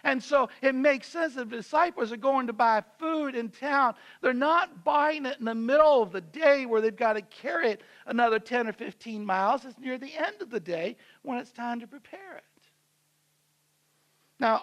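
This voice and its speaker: High-voiced male pastor telling a story. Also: a bit bright. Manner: conversational storytelling, acting out the characters' voices. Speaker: senior pastor. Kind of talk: sermon. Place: church.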